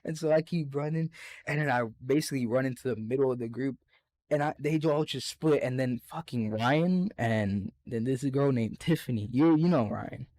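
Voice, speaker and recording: A man's voice: medium pitch, normal speed, dark tone. A young man on a casual podcast, telling a rowdy, profane story full of acted-out quotes. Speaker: podcast co-host.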